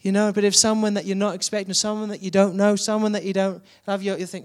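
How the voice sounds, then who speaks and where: A man's voice: high-pitched, flat delivery, fast talker. A man preaching a sermon, building to emphatic repeated questions.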